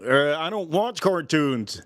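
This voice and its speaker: A man in his forties hosts a casual livestream, his voice sitting a little high for a man. He rambles from one joke to the next and calls out to his chat in a loud, playful way. The sound is close and dry, with almost no room around it. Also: big pitch swings, slow pace, dry recording. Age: 40s. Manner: loud, joking, rambling, talks straight to the chat. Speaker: livestream host.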